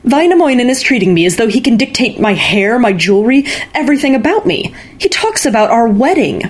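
A woman's voice: fairly high pitch, very animated, fast talker, pitched above the performer's own voice. Woman doing a defiant young maiden. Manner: firm, defiant.

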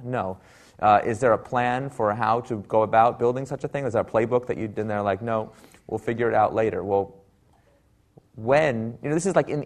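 A man speaking at a talk, telling a wry story and acting out the people he quotes. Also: lowish voice. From Silicon Valley, US.

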